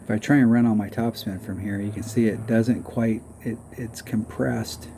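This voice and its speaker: A man's voice: fairly low pitch, fairly even intonation, normal speed, dark tone. A man giving rambling, self-mocking casual commentary on a mobile golf game while humming little tunes, recorded with audible background noise.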